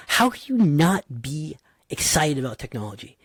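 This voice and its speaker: A man telling long, winding stories as a guest on a podcast, full of energy and slangy asides. His voice is husky, and the sound is dry and close to the mic. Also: on the high side, moderate pace, no echo. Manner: animated, digressive storyteller, slangy. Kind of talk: casual interview chat.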